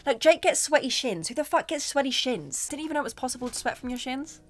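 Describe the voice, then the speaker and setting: A woman's voice: sits high, expressive, quick pace, faint music behind. Chatty British woman doing a haul. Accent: British English. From Britain. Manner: chatty, filler-heavy, candid and swearing. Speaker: vlogger. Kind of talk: casual shopping haul chat.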